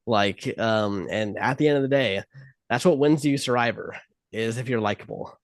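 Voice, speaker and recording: A man's voice: fairly low pitch, normal speed, no room sound. A man co-hosting a podcast in casual chat, talking loosely with many fillers. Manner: loose, filler-heavy talk. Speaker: podcast co-host.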